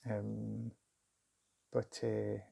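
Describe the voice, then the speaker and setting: A middle-aged man telling a personal story in a candid, halting, reflective way. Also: fairly low pitch, completely flat delivery, gravelly, warm tone, a little hiss or hum. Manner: candid, halting, self-searching. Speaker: vlogger recounting a job interview.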